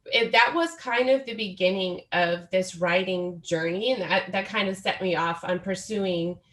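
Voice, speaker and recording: A woman's voice: lowish voice, moderate pace, fairly bright tone, echoey room. A woman in her forties, a guest author telling her story in an earnest, reflective way during a podcast interview. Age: 40s.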